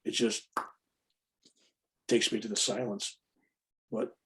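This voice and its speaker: A man's voice: on the low side, level tone, slow, a bit bright. A man giving an informal, plainspoken spiritual talk, often acting out other people's voices. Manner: casual, plainspoken, acts out quoted voices. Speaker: spiritual teacher.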